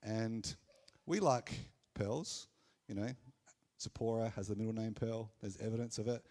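A man with an Australian accent preaching a sermon at a Sunday church gathering, conversational and animated, with playful asides. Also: on the low side, moderate pace. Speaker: pastor.

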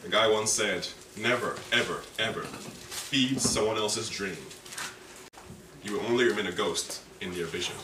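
A man preaching a sermon in a church, animated and dramatic, repeating key phrases and drawing responses from the congregation. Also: on the low side, measured pace. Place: church hall. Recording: echoey hall, distant mic, background noise.

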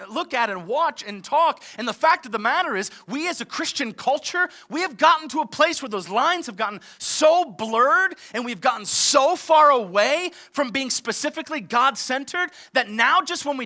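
A man preaching a sermon as pastor, moving between forceful emphatic passages and conversational asides. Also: very high-pitched. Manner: preaches with rising intensity, mixes emphatic and conversational. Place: church service in a large theater.

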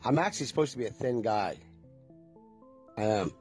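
A man's voice: medium pitch, lively intonation, normal speed, a little mellow, faint music behind. A man in his forties chatting casually to viewers, rambling and nostalgic and swearing freely.

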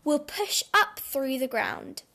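A woman voicing a calm, encouraging father rabbit giving advice in a storybook. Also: high voice, takes it slowly, exaggerated voice. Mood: advising. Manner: calm, advising.

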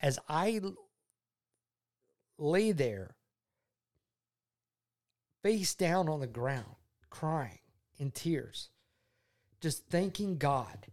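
A man's voice: fairly high pitch, lively intonation, slow pace, pauses often. Earnest father sharing his faith. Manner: earnest and heartfelt, repeats himself, drops soft when moved. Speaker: father talking with his daughter. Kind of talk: personal faith testimony.

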